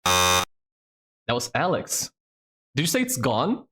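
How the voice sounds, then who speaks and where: A man's voice: medium pitch, huge pitch swings, slow pace, very noisy. Chatty male streamer hosting trivia. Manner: chatty, swears freely, thinks aloud. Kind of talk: casual live-stream chat.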